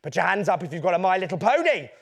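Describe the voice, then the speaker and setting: A man's voice: high-pitched, very animated, very fast, vocal fry, slightly rough. A man, a children's author telling a playful, theatrical story to a young audience. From England.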